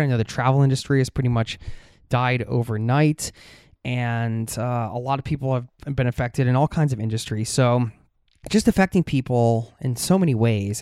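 A man's voice: mid-range voice, darkish tone, smooth, dry recording, clean studio sound. A man hosting a travel podcast, talking in an earnest, heartfelt way with frequent fillers. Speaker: podcast host. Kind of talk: casual podcast chat.

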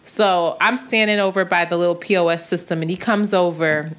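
A woman in casual podcast chat, telling an anecdote in an animated way and laughing through it. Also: fairly low pitch, a little fast. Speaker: podcast guest.

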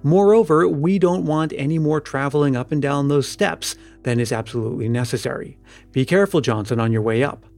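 A man reading the lines of a curious, commanding police lieutenant in a storybook, brisk and decisive. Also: on the high side, a little mellow, faint music behind, natural voice.

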